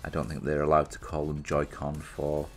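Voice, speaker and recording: A British man with an unusually deep, low-pitched voice talks through a gadget unboxing in a loose, chatty way. He thinks aloud and pokes fun at himself. Quiet music plays faintly underneath. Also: monotone, normal speed. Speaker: reviewer presenting an unboxing. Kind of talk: casual product demonstration.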